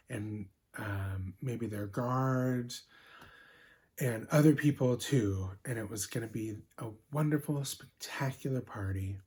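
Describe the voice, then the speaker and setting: A man's voice: mid-range voice, mellow, lightly acted. Darla, ditzy chatty gal as a man plays her. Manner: ditzy, filler-heavy 'like' talk. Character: bubbly, chatty, sweet-natured young woman. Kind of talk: comedic character storytelling.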